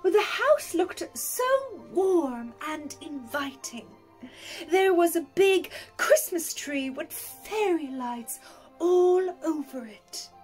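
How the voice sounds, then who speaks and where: A woman reading a picture book aloud to young children in a gentle, expressive way. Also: very high-pitched, slow pace, faint music behind. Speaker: storyteller for pre-school children.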